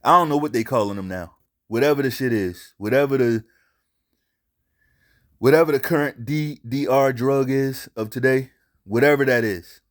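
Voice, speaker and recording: A man hosts a casual commentary show with blunt, profane talk. He repeats his points for emphasis and keeps an ordinary, mid-pitched voice. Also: moderate pace. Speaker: commentary channel host.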